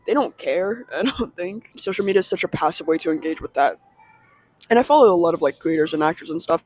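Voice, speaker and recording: A man's voice: a little high, dry recording. A young man in his late teens rambling through a casual vlog monologue while out in a market, with chatty, self-aware asides. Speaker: vlogger.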